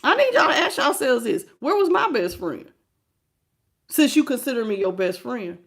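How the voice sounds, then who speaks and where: A woman giving a live-streamed tarot reading and greeting her viewers, emphatic and preachy, swinging between low murmurs and loud outbursts. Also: very animated, moderate pace, creaky. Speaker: tarot reader.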